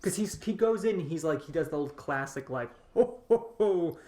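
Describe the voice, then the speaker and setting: A woman's voice: low-pitched, lively intonation, fairly quick, darkish tone. A woman co-hosting a podcast, animatedly retelling movie scenes in casual chat. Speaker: podcast co-host.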